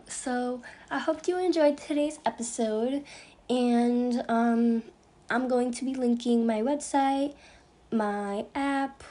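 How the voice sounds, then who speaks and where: Young female podcast host, higher pitched, bubbly, trips over words. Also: takes it slowly, warm tone. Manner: bubbly, giggly, stumbles and restarts. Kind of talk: casual blooper reel of podcast intros.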